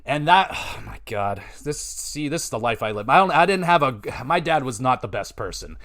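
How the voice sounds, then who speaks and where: A man, hosting a podcast and telling rambling, profane, animated stories. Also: mid-range voice, normal speed. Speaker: podcast host. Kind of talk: casual storytelling.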